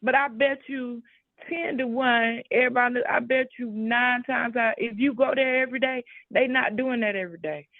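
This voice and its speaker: A woman's voice: a little high, steady tone, moderate pace, no room sound, phone-quality sound. A woman on a discussion panel, arguing emphatically and talking over the others. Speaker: panel guest.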